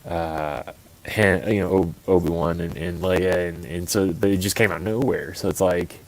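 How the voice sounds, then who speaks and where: A man's voice: low-pitched, steady tone, moderate pace, low-quality recording. A man co-hosting a casual podcast chat, rambling with many restarts and fillers. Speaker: podcast co-host.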